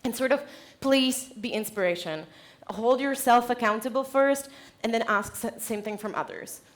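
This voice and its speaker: A woman giving a conference keynote on stage, direct and lively, laughing often. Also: on the high side, moderate pace. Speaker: conference speaker.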